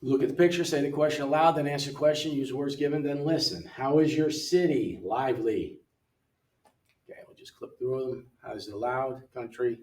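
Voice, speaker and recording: An older man working through an English app lesson in a relaxed way, thinking aloud and reading words off the screen, recorded from away from the mic in a room. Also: mid-range voice, normal speed, far from the mic. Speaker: missionary English tutor. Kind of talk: casual walkthrough of an app lesson. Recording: roomy sound from away from the mic.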